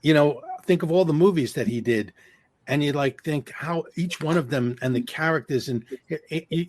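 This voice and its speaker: A man's voice: mid-range voice, dry recording. A man hosting a podcast, talking in a rambling way with many restarts. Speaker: podcast host. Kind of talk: casual podcast chat.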